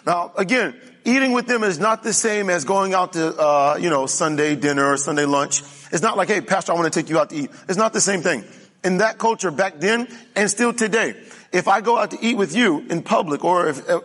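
A man's voice: high-pitched, a bit bright. A male pastor preaching a conversational sermon, often checking in with the congregation. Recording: reverberant hall.

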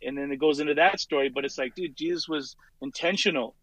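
A man's voice: on the high side, quick pace, fairly bright tone, no room sound, rough recording. A laid-back man talking casually as a podcast guest, peppering his speech with "dude" and "man". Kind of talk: casual conversation.

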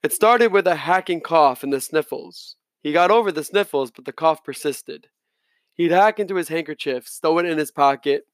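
A man's voice: a little high, moderate pace, dry recording, clean studio sound. A man narrating a novel in the first person, reading plainly with the odd slip and restart. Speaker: audiobook reader.

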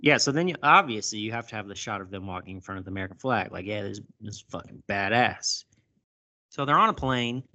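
A man casually recapping a movie, animated and profane, acting out lines as he goes. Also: fairly low pitch, quick pace. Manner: animated, swears a lot, acts out lines. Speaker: podcast host recapping a movie. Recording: dull lo-fi sound.

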